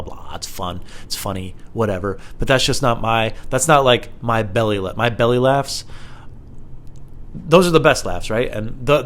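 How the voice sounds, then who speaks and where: A man's voice: lowish voice, a bit bright. A man hosting a solo podcast, rambling and self-deprecating, full of fillers, speaking into a small lapel mic in his living room. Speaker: podcast host.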